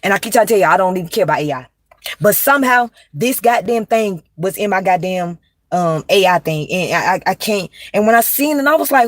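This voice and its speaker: A woman's voice: medium pitch, expressive, a little fast, no room sound. A young woman chatting on a livestream, rambling and emphatic, with plenty of slang and swearing, confiding straight to her viewers. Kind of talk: casual livestream chat.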